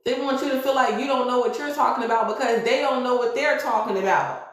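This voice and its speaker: A woman's voice: a little high, fast talker. Emphatic tarot reader woman, echoey room. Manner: preachy, emphatic, repeats "okay?" to the audience. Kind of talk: live-streamed tarot reading.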